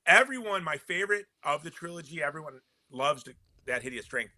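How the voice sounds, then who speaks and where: Animated man with a very bright voice. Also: on the high side, a little fast, no room sound. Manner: animated and emphatic, with frequent restarts. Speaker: guest author. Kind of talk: casual conversational interview.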